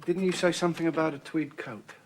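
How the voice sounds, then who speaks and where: An actor playing a naive young gentleman who talks in an earnest, well-mannered and awkwardly polite way. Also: a little high, steady tone, brisk, slight background noise, close to an everyday voice. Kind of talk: 1990s television drama acting.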